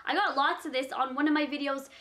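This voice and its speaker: A young woman with a high, light voice talks straight to her viewers in a casual question-and-answer vlog. She reads out each question, then answers it with earnest, practical advice. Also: fairly even intonation, fast talker, a bit bright, a little hiss or hum.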